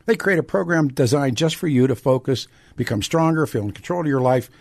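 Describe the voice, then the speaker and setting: A man's voice: medium pitch, a little fast, vocal fry, darkish tone. Blunt older male talk radio host. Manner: blunt, indignant, rhetorical questions. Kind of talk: talk radio monologue and ad read.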